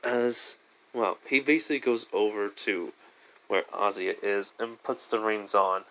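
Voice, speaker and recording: A man's voice: fairly low pitch, a little slow, a bit bright. A man casually retelling a fan story, rambling with lots of fillers.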